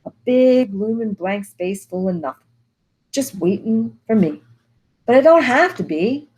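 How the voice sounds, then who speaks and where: A woman's voice: a little high, expressive, a little slow, a little mellow, slightly rough, pitched above the performer's own voice. A woman reading the part of a restless, frustrated young husband, in agitated, impatient outbursts.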